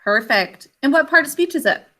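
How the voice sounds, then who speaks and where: High, bright-voiced woman teacher. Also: lively intonation. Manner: slow, deliberate enunciation with praise. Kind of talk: online spelling lesson for children. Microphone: video call.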